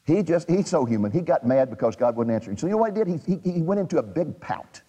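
Man, preacher, dramatic sermon, rhetorical questions, lively swooping pitch, reverberant hall. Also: quick pace, husky.

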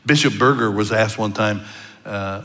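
Low-voiced preacher in a reverberant hall. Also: male voice, moderate pace, fairly bright tone. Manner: storytelling, conversational with occasional stammered restarts. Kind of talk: sermon. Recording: long reverb of a large hall.

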